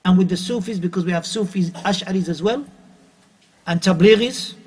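A man's voice: high voice, normal speed, a little mellow, breathy edge. A middle-aged man giving an Islamic lecture, emphatic and repeating his points. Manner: emphatic, repeats phrases, uses Arabic terms. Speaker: Islamic preacher.

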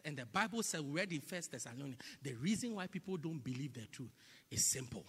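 Gravelly, animated preacher man. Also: a little high, brisk, in a large hall. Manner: swings from loud emphatic cries to hushed whispers; repeats phrases in call-and-response rhythm. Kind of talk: sermon with congregational prayer. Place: church.

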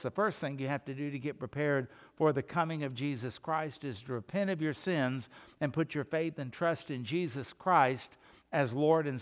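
An older man preaching a sermon as pastor, rising to loud calls and dropping to quiet asides. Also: fairly high pitch.

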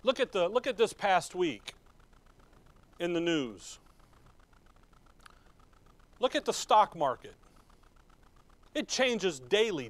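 Folksy pastor mid-sermon, fairly high voice, dry close sound, questions the pews. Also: male voice, no room sound. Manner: folksy, asks the congregation questions and chuckles.

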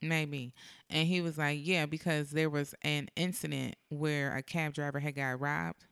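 Brief: man, raised pitch, bright and gravelly, chatty teasing co-host, dry close sound. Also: steady tone, unhurried, no room sound. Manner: chatty, recalls details, teasing. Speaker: podcast co-host. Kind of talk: casual storytelling chat.

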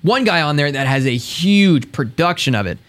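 A man's voice: on the high side, lively intonation, fairly bright tone. A man co-hosting a casual chat podcast, rambling and correcting himself as he talks. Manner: rambling, self-correcting, quick bursts. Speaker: podcast co-host.

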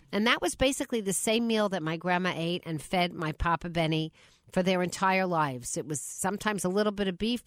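A woman hosting a radio call-in show, telling a family story in an animated way and inviting callers in. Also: on the low side, no room sound. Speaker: radio talk show host.

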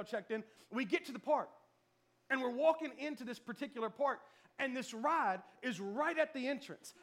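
A man preaching a sermon, telling a lively personal story and acting out the voices of the people in it. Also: very high-pitched. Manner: storytelling, animated, acts out quoted voices. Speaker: pastor.

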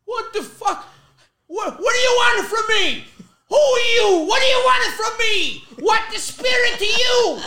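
A man voicing his hot-tempered middle-aged immigrant father, who yells in broken English. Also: fairly high pitch, expressive, moderate pace, few pauses. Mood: panicked shouting.

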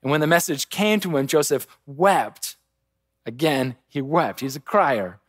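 A man preaching a sermon, swinging between quiet intensity and raised urgency. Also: on the high side, measured pace, slightly rough, no echo. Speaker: pastor.

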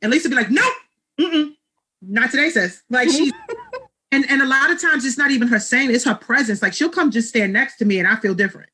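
A woman's voice: fairly high pitch, fast, pushed and bright, slightly rough. A woman guest in a casual chat with friends over a video call, brash and outspoken, swearing and laughing.

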